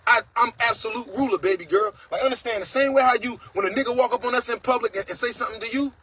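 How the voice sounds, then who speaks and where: A man's voice: very high voice, very fast, crowd noise, rough recording. A man hosting a casual livestream monologue, talking in a blunt, profane and preachy way, reading out viewer comments. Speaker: host.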